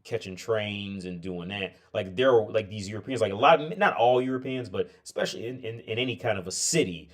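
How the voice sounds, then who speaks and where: A man's voice: lowish voice, a little fast, few pauses. A tired man hosting a casual livestream chat, rambling with lots of filler words and restarts. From United States. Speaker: livestream host.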